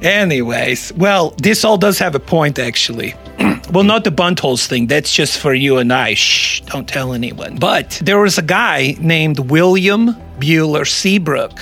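Husky joking man telling odd history. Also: a little high, animated, measured pace, a bit bright, faint music behind. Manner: jokey storyteller, rambling asides. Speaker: podcast co-host. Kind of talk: casual comedic chat.

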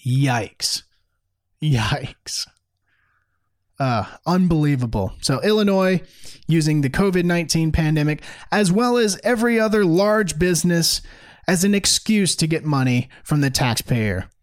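A man with a fairly high voice delivers opinionated commentary as a host. He sounds sarcastic and mocking and keeps an emphatic, animated push behind his points. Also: normal speed.

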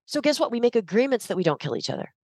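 A woman's voice: fairly high pitch, very animated, racing, darkish tone, breathy edge, no echo. A woman leadership coach explaining her ideas with energy and emphasis in a podcast interview over a video call.

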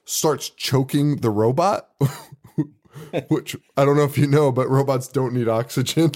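A man's voice: mid-range voice, unhurried, darkish tone. A man co-hosting a podcast, recapping a movie in casual chat, laughing often, swearing, and acting out quotes from the film. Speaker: podcast co-host.

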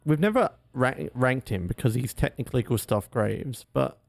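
A man's voice: medium pitch, expressive, normal speed, vocal fry, dry recording. A young man co-hosting a casual film commentary podcast, groaning and making sarcastic complaints as he watches. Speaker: podcast co-host.

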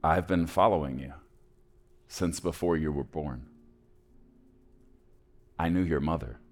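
A man voicing a very old man who speaks slowly, quietly and calmly, in a sermon story. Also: extremely low pitch, faint music behind, heavily acted. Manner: slow, quiet, calm. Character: very old man, calm and solemn father.

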